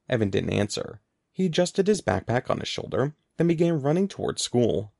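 A man narrating an audiobook in an expressive, animated reading voice, close to the mic. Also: medium pitch, moderate pace, creaky, no echo.

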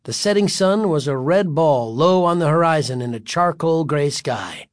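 A man narrating a chapter of a story in an even storytelling voice. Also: a little high, moderate pace, dry recording, studio quality. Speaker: audiobook narrator. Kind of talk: scripted narration.

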